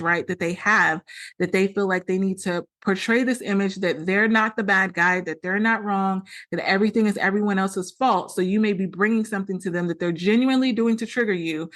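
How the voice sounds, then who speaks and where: A woman's voice: mid-range voice, fairly bright tone. A woman hosting a solo podcast, explaining earnestly and often acting out quoted dialogue. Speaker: podcast host.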